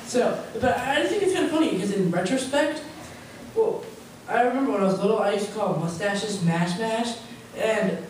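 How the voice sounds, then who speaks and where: A teenage boy tells rambling stand-up stories, often stopping and starting again mid-sentence. He is recorded from far off, and the hall echoes heavily around him. Steady noise sits under his voice. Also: sits high, normal speed. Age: teens. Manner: rambling storytelling with many restarts. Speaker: stand-up comedian. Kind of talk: stand-up set. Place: stage in a hall with an audience.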